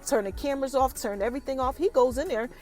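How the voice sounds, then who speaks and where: A woman hosting a podcast, recapping a TV episode in a lively, chatty way and talking straight to her listeners. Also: high voice, fast, faint music behind. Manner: animated, chatty, addresses listeners directly. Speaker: podcast host.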